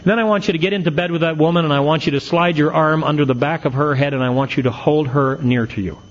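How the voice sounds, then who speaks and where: Talking fast in a higher register, this middle-aged man delivers a humorous recovery talk as an AA speaker. He builds stories to punchlines and performs the quoted lines, and the audio has its highs cut off.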